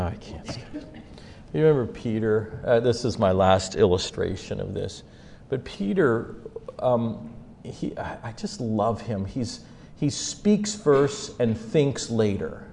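A man preaches in a lively, joking way and tells his points as stories. His voice has a gravelly edge, and a faint hiss sits under it. He jumps from quiet asides to loud, high bursts. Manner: animated, humorous, acts out the biblical scenes with big swings in pitch and loudness. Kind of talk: storytelling sermon.

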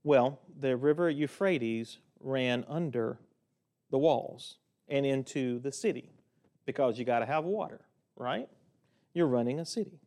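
Smooth-voiced man teaching scripture. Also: mid-range voice, a little slow, a little mellow. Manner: conversational Bible teaching with asides. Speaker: preacher. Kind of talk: sermon.

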